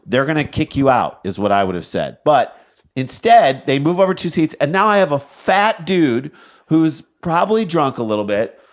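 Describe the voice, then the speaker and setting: A man's voice: fairly high pitch, moderate pace. A middle-aged man co-hosting a comedy podcast, telling anecdotes and acting out the people in them. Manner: animated, acts out voices in anecdotes. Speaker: podcast co-host. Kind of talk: comedic storytelling chat.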